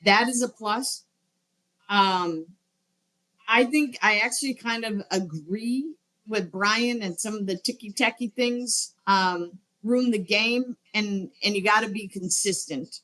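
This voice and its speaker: A woman co-hosting a sports podcast, with a bright, clear voice that sits up front. She chats in a relaxed way and works out her points aloud, dropping in "um" and "like" as she goes. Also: mid-range voice, slow, poor audio. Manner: chatty, thinks aloud with fillers. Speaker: podcast co-host. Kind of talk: casual sports chat.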